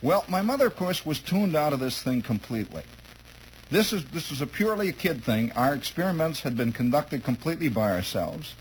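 A man telling a funny childhood story to listeners, chuckling often and acting out the scenes. His voice sits rather high and swoops widely. A faint hum of room noise sits underneath. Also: a little fast, rough recording. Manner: chuckling, lively, acts out scenes.

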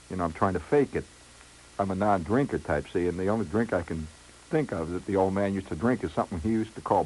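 A man's voice: deep voice, darkish tone, slight background noise, low-quality recording. A middle-aged man telling a comic first-person story in a wry, rambling way with lots of asides. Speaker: radio storyteller.

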